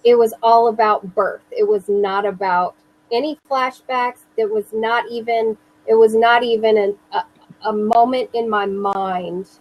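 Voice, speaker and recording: Slow, earnest woman, high voice. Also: steady tone, a little mellow, rough recording. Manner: slow, earnest, self-reassuring, halting restarts. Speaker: interviewee, mother. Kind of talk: personal testimony in an interview.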